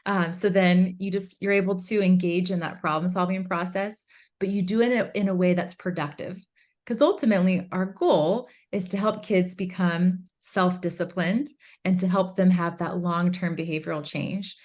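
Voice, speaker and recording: A woman's voice: fairly low pitch, steady tone, moderate pace. Earnest woman explaining parenting steps. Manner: earnest, acts out gentle parent phrases. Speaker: guest, author and curriculum instructor. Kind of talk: explanatory interview talk.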